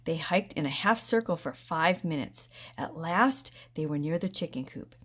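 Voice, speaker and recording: A woman narrating a children's storybook in a steady, expressive way. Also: sits low, normal speed. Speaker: audiobook reader.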